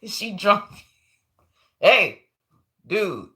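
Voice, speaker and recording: Comic host, woman, low but bright voice, animated and profane storytelling. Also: unhurried. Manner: animated, profane, laughing often. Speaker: comedy show host. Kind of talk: casual storytelling rant.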